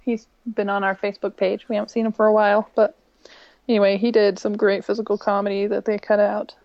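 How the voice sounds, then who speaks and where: A woman's voice: mid-range voice, flat delivery, quick pace, no room sound, dull audio. A woman co-hosting a podcast, casually recapping a TV episode and quoting lines from it, with plenty of ums. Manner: chatty retelling with many ums, quoting lines in a brighter voice. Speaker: podcast co-host.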